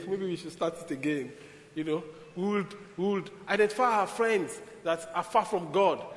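A man preaches in a church hall, telling his stories in an animated way that breaks into sudden loud bursts. His voice sits high and sounds bright and forceful. The long reverb of a big hall rings around every phrase. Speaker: pastor. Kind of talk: sermon.

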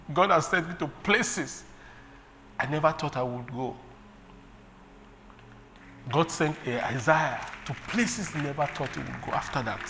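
A man from Nigeria preaching a sermon in a lively way, laughing often and breaking into sung refrains. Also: mid-range voice, vocal fry, a little hiss or hum.

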